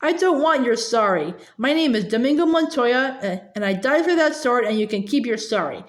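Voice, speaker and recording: The reproachful ghost of a dead father, bitter at his son, as a woman puts him on while reading. The voice sits fairly high and stumbles in places. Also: expressive, normal speed, close to an everyday voice.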